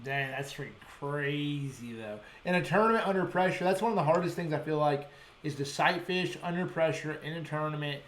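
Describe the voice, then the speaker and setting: A man hosting a fishing show, telling fish stories in casual, excited chat with sound effects and frequent restarts. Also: fairly high pitch, a little fast, roomy sound, a little hiss or hum.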